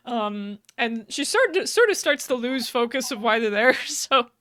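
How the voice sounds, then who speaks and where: A woman's voice: on the high side, animated, normal speed, hardly any pauses, sharp tone, dry recording, studio quality. A young woman co-hosting a podcast, retelling a game's story in a rambling, giggly way full of fillers and restarts. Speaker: podcast co-host. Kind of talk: casual chat, retelling a game's plot. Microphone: podcast microphone.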